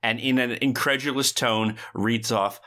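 A man's voice: medium pitch, fairly even intonation, unhurried, bright, forceful tone. A man co-hosting a podcast, chatting casually about a movie and recounting its scenes in detail. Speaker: podcast co-host.

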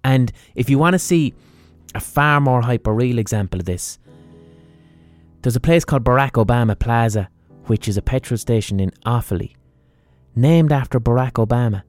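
A man's voice: mid-range voice, moderate pace, no echo, faint music behind. An Irish man hosting a podcast, giving a mock-serious comic rant full of swearing. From Ireland. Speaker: podcast host.

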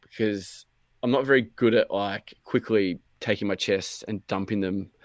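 A man spins a loose, rambling story in casual chat. He leans on fillers and swears freely. His voice sits a touch low and sounds dry and close, with no room around it. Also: moderate pace, no room sound.

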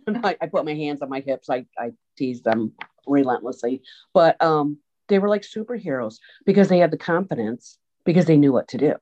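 Animated storytelling woman, dull recording. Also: deep voice, moderate pace. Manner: animated storyteller, acts out quoted voices. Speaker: guest, autism program organizer. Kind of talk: storytelling interview answers. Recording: dull lo-fi sound.

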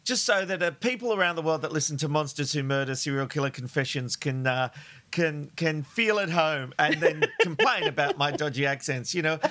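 A man co-hosting a true-crime podcast in easy, casual chat. His voice sits a little high and rings bright and forward. He jokes around, laughs easily and trips over his words as he goes. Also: brisk. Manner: jokey and laughing, with many stumbles and restarts. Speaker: podcast co-host.

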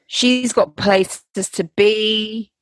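A woman's voice: mid-range voice, steady tone, drawn-out words, slight background noise. A woman in casual chat, reacting to a story and summing it up. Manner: reactive, short backchannels, sums up. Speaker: listener in a chat.

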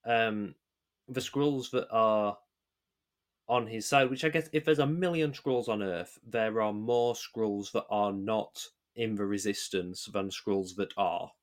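A man's voice: fairly low pitch, slow pace. A man co-hosting a podcast, chatting casually and working through his thoughts with frequent hesitations and restarts. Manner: hesitant, many restarts, rambling analysis. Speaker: podcast co-host. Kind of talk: casual chat.

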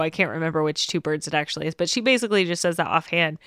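Female co-host, casual chat. Smooth, dry recording. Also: lowish voice, fast, few pauses, pushed and bright, no room sound. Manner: chatty, laughs often, acts out quotes. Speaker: podcast co-host. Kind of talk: casual film discussion.

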